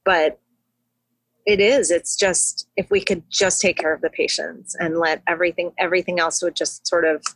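Chatty husky woman podcast guest. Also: fairly low pitch, steady tone, moderate pace, a bit bright, no room sound. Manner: chatty, laughs often, emotional storytelling. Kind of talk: casual podcast chat.

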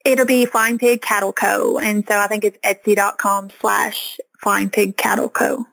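A woman's voice: medium pitch, little pitch movement, measured pace, gravelly, a bit bright, no echo, low-quality recording. A woman farmer, giving earnest, plain-spoken answers as a podcast guest. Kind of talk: casual interview answers.

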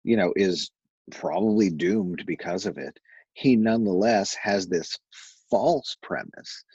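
A man in casual conversation, analyzing a comedy routine in a thoughtful, measured way. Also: on the low side, very animated, gravelly, warm tone, husky, no room sound. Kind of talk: casual chat. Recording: dull lo-fi mic, dry.

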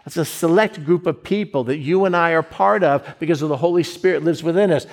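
A male pastor from the United States delivers a sermon in a conversational, down-to-earth way. He drags out key phrases slowly, then rushes through asides. His voice sits a little high for a man. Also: creaky. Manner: conversational preaching, swinging from slow emphasis to quick asides.

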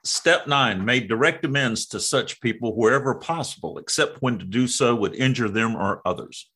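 A man's voice: mid-range voice, lively intonation, moderate pace, husky. A man hosting a podcast interview, reacting to a guest's story with exclamations. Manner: warmly reactive, exclaiming in response. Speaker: podcast host. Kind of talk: casual interview chat.

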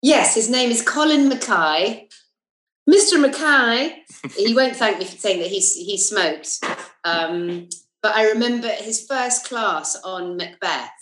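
In a roomy, echoing recording, a podcast guest recalls her school days in casual interview anecdotes. She's a middle-aged comedian and actress from southern England whose mid-range voice moves at a slow pace, lively and packed with fillers and asides.

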